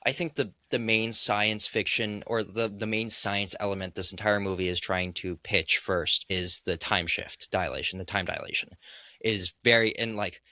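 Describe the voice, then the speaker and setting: Excitable man rambling about films. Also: lowish voice, moderate pace, no echo, clean studio sound. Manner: excitable, rambling with many restarts and fillers. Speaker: guest filmmaker. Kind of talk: casual film discussion.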